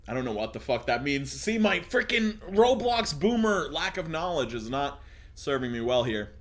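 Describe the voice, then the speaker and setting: Lively young man reading and joking. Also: fairly high pitch, moderate pace. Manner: laughing, mocking, swearing, talks to chat. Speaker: live streamer reading stories aloud. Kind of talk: casual reading with joking asides.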